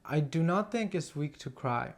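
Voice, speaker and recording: A man, an acting student, sharing a personal memory in class, halting and hesitant with many restarts. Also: on the high side, animated.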